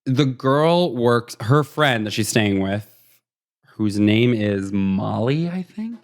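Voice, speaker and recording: A man's voice: mid-range voice, lively intonation. Rambling man retelling a movie plot. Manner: rambling, acts out characters in quick snatches. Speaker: podcast co-host.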